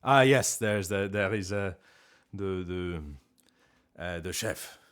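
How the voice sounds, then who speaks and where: Taking it slowly, this man speaks in a low, slightly bright voice that is clear and resonant. A streamer and voice actor, he's chatting indoors at home on a live stream, using a put-on French accent for his rambling, joking, self-mocking English.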